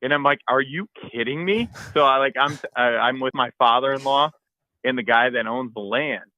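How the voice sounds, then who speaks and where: A man and podcast co-host telling a hunting story in a casual, animated way, acting out his own shouts and the texts he got. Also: mid-range voice, brisk, no echo, highs cut off.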